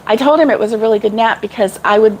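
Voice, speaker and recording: A woman's voice: fairly high pitch, fast, a little mellow, a little hiss or hum, poor audio. A middle-aged woman chatting casually with live viewers about crochet, rambling and laughing often. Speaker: crochet vlogger.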